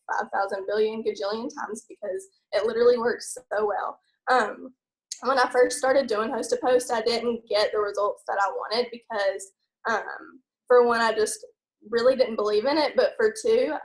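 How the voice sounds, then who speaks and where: A woman's voice: a little high, poor audio. Nervous giggly Southern woman. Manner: nervous and giggly, many fillers. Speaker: team member sharing her story. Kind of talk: casual group call.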